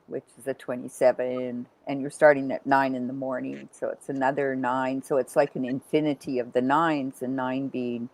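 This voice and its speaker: A woman's voice: very deep voice, dry recording, rough recording. A woman speaking as a guest on a roundtable podcast, talking about numerology and spirituality. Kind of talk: casual roundtable chat.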